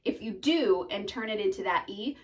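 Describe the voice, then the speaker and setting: A woman's voice: mid-range voice, lively intonation, moderate pace, distant mic, poor audio. A young woman teaching singing terms in a chatty, upbeat way, breaking into short sung notes as examples.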